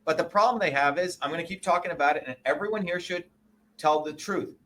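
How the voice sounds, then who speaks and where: This is a man in his sixties speaking as an interview guest, his voice pitched high with a bright, forceful edge. He argues hard, swears freely and keeps asking whether the listener follows him. A faint hiss of background noise sits under the recording. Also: quick pace. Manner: profane, emphatic, indignant, keeps checking with "okay?" and "you see?". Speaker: interview guest, presidential candidate. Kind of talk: combative interview talk.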